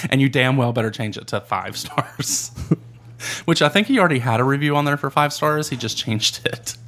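Male co-host, casual and giggly, gravelly texture. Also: medium pitch, lively intonation, normal speed, fairly bright tone, faint music behind. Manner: giggly, laughs often, tells stories with quoted texts. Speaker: podcast co-host. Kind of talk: casual chat.

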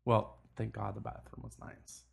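A man co-hosting a podcast in casual chat, telling animated stories and laughing often. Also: on the low side, normal speed, vocal fry, breathy edge. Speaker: podcast co-host. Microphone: studio mic, no headphones.

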